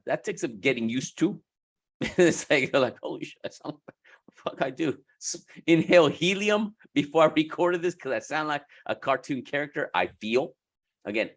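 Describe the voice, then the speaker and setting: Animated, slangy man talking to camera. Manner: animated, slangy, puts on high voices for quoted people. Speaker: esthetics business coach. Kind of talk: casual talk to camera.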